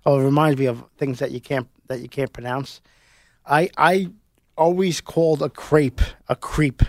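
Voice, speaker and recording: A man's voice: medium pitch, steady tone, moderate pace, no room sound. A man co-hosting a radio podcast who talks in an earnest, good-natured way in casual studio chat. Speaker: radio co-host.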